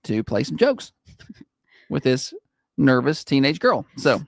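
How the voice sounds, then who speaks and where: A man co-hosting morning radio, joking and teasing in a relaxed, chatty way. His mid-range voice rises and falls a lot. He sounds close and dry on a studio mic. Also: mid-range voice, slow, vocal fry, no room sound. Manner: teasing, playful, often laughing. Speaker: radio morning show co-host. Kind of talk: casual on-air banter.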